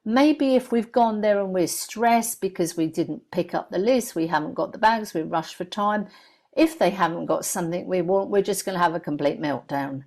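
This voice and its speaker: A woman hosting a podcast, talking in a relaxed, reflective way. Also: on the low side, moderate pace. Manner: relaxed, reflective, uses everyday examples. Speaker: podcast host. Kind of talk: conversational interview.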